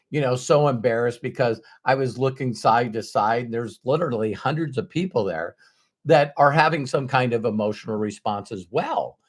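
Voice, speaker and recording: A middle-aged man, his voice at a medium pitch, tells a personal story candidly in the manner of a motivational speaker. Now and then he breaks into sudden, loud, animated bursts.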